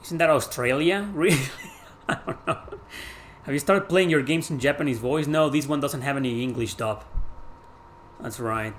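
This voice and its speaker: A man doing live gameplay commentary, chatting with viewers, swearing and shouting at the game. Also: mid-range voice, normal speed, long pauses, slight background noise. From Mexico. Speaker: gaming streamer.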